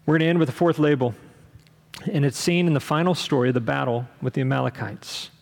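A man's voice: mid-range voice, fast talker, vocal fry, long reverb tail. A man from Texas preaching a sermon as pastor, talking conversationally with asides and questions to the congregation.

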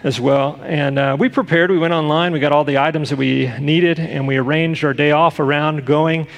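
A middle-aged man, a pastor, preaching earnestly with rhetorical questions and loud bursts of emphasis. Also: fairly high pitch, fairly even intonation, moderate pace, vocal fry, big-room sound. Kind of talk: sermon.

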